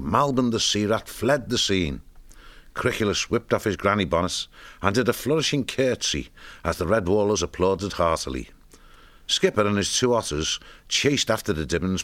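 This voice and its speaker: A man reading a storybook aloud in a measured, expressive narration. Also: deep voice, no echo.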